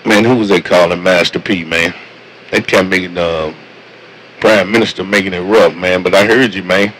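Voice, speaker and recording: A man's voice: sits low, steady tone, moderate pace, a bit bright, a little hiss or hum, poor audio. A man talking with fellow truckers over CB radio in a laid-back, slangy way, repeating his catchphrases. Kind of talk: casual CB radio chat.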